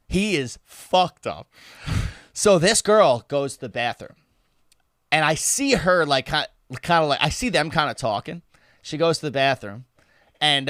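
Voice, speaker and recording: A man hosting a live podcast, telling a comic party story in an animated way, laughing and swearing as he goes. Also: on the high side, no echo, studio quality. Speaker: podcast host.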